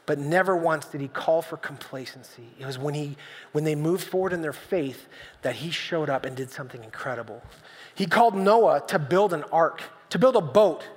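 Pastor guy preaching on stage, high voice, lots of hall echo, chatty storyteller. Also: moderate pace. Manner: conversational, storytelling, acts out voices with humor. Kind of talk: sermon. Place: church stage. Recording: long reverb of a church hall.

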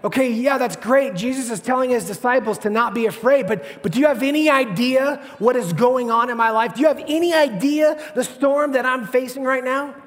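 A man's voice: very high voice, fairly quick, hardly any pauses, pitched above the performer's own voice. A man preaching and voicing a worried churchgoer who pleads urgently, rising and exasperated, in a long church-hall reverb.

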